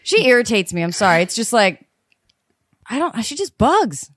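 Animated woman podcast host, blunt. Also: on the high side, normal speed, dry recording, clean studio sound. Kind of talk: casual true crime chat.

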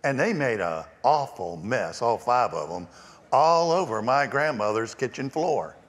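A man preaching a storytelling sermon as pastor, with shifting emphasis and hushed asides. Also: medium pitch, lively intonation, measured pace. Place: church sanctuary. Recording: long church reverb.

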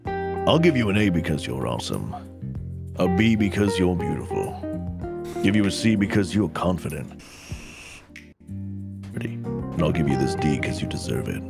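A man doing a cheesy smooth-talking flirt. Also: very animated, moderate pace, long pauses, loud music behind the voice, full character voice. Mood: flirty. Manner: low, drawling pickup-line delivery.

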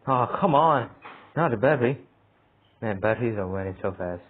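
A man's voice: medium pitch, normal speed, slight background noise. A man commentating his own horror game play, talking to himself, laughing and yelping when startled. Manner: excitable, yelps and laughs at scares, talks to himself. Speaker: gamer playing a horror game. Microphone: phone mic. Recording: tinny phone-like sound.

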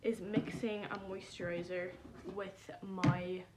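A woman's voice: mid-range voice, flat delivery, takes it slowly, heavy background noise. A young woman, chatting casually and rambling with self-deprecating humor in a vlog filmed on her phone at home. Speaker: vlogger. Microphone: phone camera.

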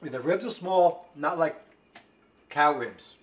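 Here the co-host speaks slowly, his fairly high voice lively in intonation and edged with breathiness. He cooks on camera in his home kitchen and grill, hosting a casual segment full of rambling talk and frequent restarts.

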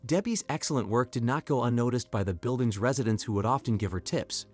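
A man giving scripted story narration in an even, clear delivery. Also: medium pitch, fast talker, faint music behind.

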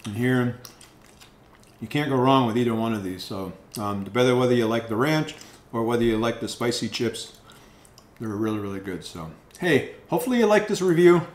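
A man's voice: medium pitch, lively intonation, moderate pace. Rambling man reviewing snacks, echoey room. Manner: rambling, repeats words, many ums. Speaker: food reviewer, channel host. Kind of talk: casual product review vlog. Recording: echoey room with faint noise.

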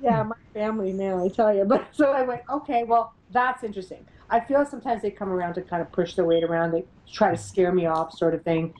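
A middle-aged woman, a paranormal investigator, telling her experiences as an interview guest, animated and laughing often as she acts out what others said. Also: mid-range voice, a little fast, few pauses, rough recording. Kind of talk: storytelling in an interview.

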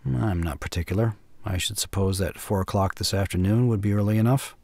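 A man's voice: on the low side, brisk, creaky, darkish tone, dry recording. A man reading the part of an unflappable doctor turned gambler, speaking dryly and offhandedly, in an audiobook. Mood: dry, easy. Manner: dry and offhand.

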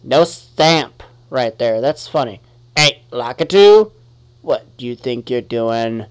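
A man giving let's-play commentary on his gameplay, talking to the enemies on screen and quickly getting annoyed. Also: on the high side, animated. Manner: talks to the enemies on screen, easily annoyed, exclaims.

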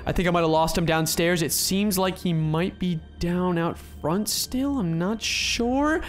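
A young man narrating his game role-play as a gaming YouTuber, excitable and panicky, often shouting and saying "bro" and "dude". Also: high-pitched, a little slow, soft background music.

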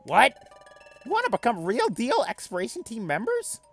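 A man voicing a fawning, sneering male gang underling in a high, squeaky voice. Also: wildly swooping pitch, moderate pace, vocal fry, a bit bright, soft background music, heavily acted.

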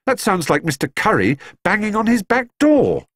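A man's voice: high voice, very animated, moderate pace, fairly bright tone, dry recording, pitched above the performer's own voice, full character voice. A man voicing a cheerful, sensible young girl in a storybook reading, in a raised voice.

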